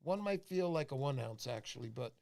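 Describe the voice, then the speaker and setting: A man's voice: mid-range voice, expressive, brisk, creaky, a little mellow. A man hosting a casual fishing livestream, talking loosely with lots of fillers. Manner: rambling storyteller with many fillers. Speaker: livestream host. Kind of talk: casual live-stream chat.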